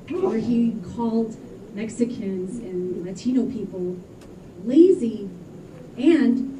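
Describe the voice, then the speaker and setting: A woman performing a stand-up comedy set in a club, animated and exclaiming, laughing between punchlines. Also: a little high. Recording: echoey room from far off with crowd. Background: audience laughter and room noise.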